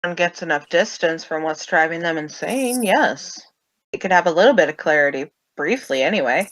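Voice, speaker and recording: A woman's voice: sits low, animated, moderate pace, poor audio. A woman running a tabletop game as game master, speaking thoughtfully and with some hesitation.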